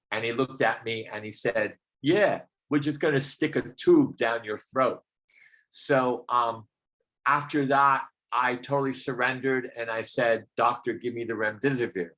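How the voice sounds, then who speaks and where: A man telling a personal story about healing, in a reflective, halting way with many pauses, over a video call. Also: medium pitch, fairly bright tone. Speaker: speaker sharing a healing story.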